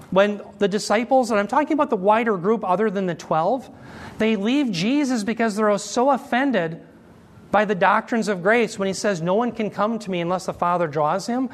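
A man teaching an expository sermon, explaining Greek terms slowly and asking his listeners questions as he goes. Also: sits high. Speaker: Bible teacher.

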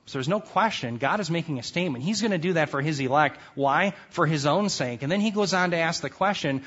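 A man's voice: fairly high pitch, fairly quick, few pauses, a bit bright, slightly rough, highs cut off. A man teaching a lecture class on scripture, reading verses aloud with rising force and emphasis. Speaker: Bible teacher.

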